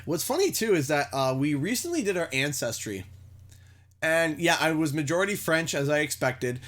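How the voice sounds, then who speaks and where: A man's voice: a little high, big pitch swings, moderate pace, a bit bright. A young man from Canada chatting casually and joking with viewers while playing a racing game on a headset mic. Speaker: gaming streamer.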